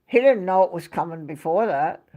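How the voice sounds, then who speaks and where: A woman's voice: fairly low pitch, expressive, fairly quick, mellow. A woman hosting a casual livestream from home, telling a rambling story and talking to her chat. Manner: rambling, chatty storytelling, reading out chat names. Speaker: livestream host.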